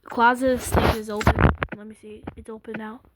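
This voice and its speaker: A woman's voice: fairly high pitch, level tone, fairly quick, very noisy. A woman doing let's-play commentary, reading game dialogue aloud and gasping and squealing at the scares. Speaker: gameplay commentator. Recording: loud game music over the voice.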